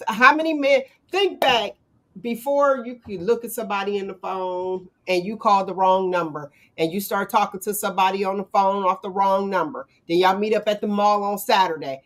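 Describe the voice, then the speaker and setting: A woman hosting a casual chat show, telling stories in an animated, slangy way. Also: medium pitch, normal speed. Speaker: host.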